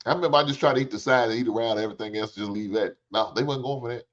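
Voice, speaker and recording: A man's voice: mid-range voice, racing, a bit bright. A middle-aged man, hosting a livestream in casual, joking storytelling chat and swearing freely. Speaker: livestream host. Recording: dull lo-fi stream audio.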